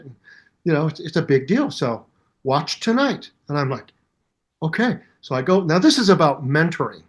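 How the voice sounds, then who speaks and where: Animated storytelling older man. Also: on the high side. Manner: acts out both sides of the story in voices, lively. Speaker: guest musician.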